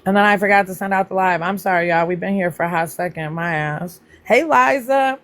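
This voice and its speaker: On her livestream, a woman chats casually with viewers, calling them by name and teasing them in fun. She speaks briskly with a slightly bright tone, and her pitch jumps up high each time she welcomes someone.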